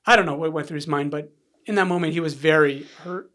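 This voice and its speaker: As a guest in a podcast studio, a man candidly shares a personal story, animatedly acting out what people said. His voice is fairly high and his pace quick.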